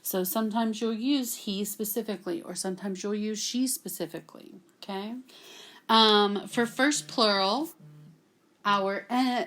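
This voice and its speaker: A woman's voice: medium pitch, unhurried, fairly bright tone. A woman from Texas, teaching a classroom grammar lesson at a whiteboard and patiently checking in with "okay?" after nearly every point. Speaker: Latin teacher.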